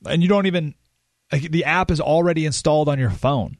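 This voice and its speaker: A man behind a talk radio mic, rambling through a story with easy laughs at his own expense. His voice sits a little high for a man, and the sound is close and dry. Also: brisk, no room sound. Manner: chatty, rambling, self-deprecating with laughs. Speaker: radio show host. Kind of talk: casual talk radio monologue. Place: radio studio.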